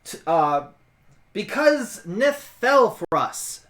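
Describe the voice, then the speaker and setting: A tabletop player voicing a bossy, pawed female adventurer who gives brisk orders and sings drinking songs. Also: mid-range voice, big pitch swings, fairly bright tone. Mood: insistent. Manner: brisk commands, breaks into folk singing.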